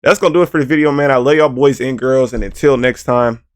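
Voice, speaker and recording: A man's voice: medium pitch, quick pace, dry recording, studio quality. A man hosting a casual reaction video, speaking in slangy, profane, emotional bursts.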